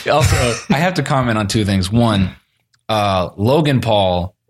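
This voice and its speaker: A man chatting casually on a podcast, telling an animated story, acting out quotes, swearing often and laughing a lot. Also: lowish voice, unhurried. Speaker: comedian co-host.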